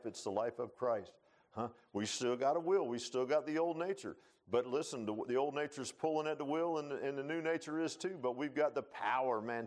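A man preaching a sermon in a folksy, animated way, often calling listeners "man.". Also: medium pitch.

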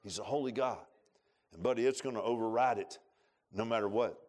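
A man preaching a sermon in a folksy way, rising to loud pleading and dropping to low asides. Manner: acts out quotes with drawn-out voices.

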